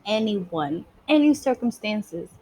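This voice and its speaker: A woman's voice: mid-range voice, very animated, takes it slowly, warm tone, a little hiss or hum, low-quality recording. Emphatic streetwise woman. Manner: emphatic, streetwise, swears freely. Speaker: spiritual vlogger. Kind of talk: casual spoken monologue.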